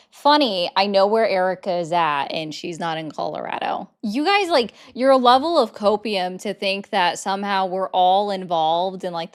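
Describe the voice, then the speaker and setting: Chatty sarcastic woman hosting a livestream. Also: medium pitch. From United States. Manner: chatty, sarcastic, quick asides. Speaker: host. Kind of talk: casual live-stream chat.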